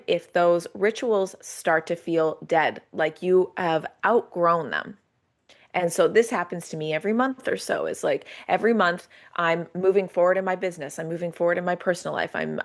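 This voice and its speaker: Woman coach, podcast guest; lively, acts out her own thoughts, lowish pitch. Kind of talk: casual podcast conversation.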